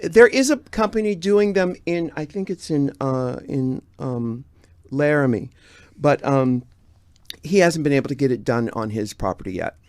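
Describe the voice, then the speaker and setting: Chatty man, halting with fillers, dry sound. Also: mid-range voice, lively intonation, no room sound. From San Diego, USA. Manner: halting, many fillers and restarts. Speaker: guest. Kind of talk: casual interview chat.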